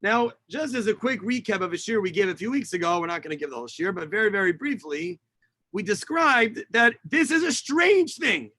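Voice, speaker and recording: High, bright male rabbi teaching. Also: expressive, a little fast, no room sound. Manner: explanatory, translates Hebrew lines as he reads, many fillers. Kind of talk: online lesson on Tisha B'Av kinot. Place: home setup on a video call. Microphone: video call mic.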